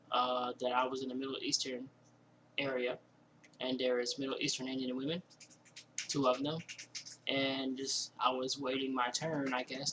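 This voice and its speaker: A man with a bright, forward voice at a middle pitch tells a casual personal story indoors at home. He rambles, acts out what he and others said, and fills gaps with "you know" and "like". A faint hiss sits under the recording. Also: rough recording. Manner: rambling, animated retelling with many fillers and quoted asides. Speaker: vlogger telling a personal story.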